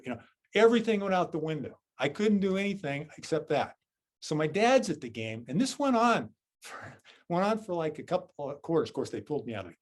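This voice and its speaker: A Zen teacher with a Southern US accent and a slightly high voice gives a dharma talk. He shares a self-deprecating personal story, checking in often with "right?" and "okay?".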